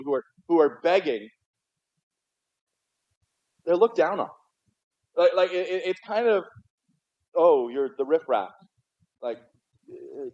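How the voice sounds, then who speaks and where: This is a church pastor delivering a sermon in the sanctuary, his voice a touch high and a touch mellow. He talks in a conversational way, stumbling and repeating words often, over livestream audio that comes across muffled and dull.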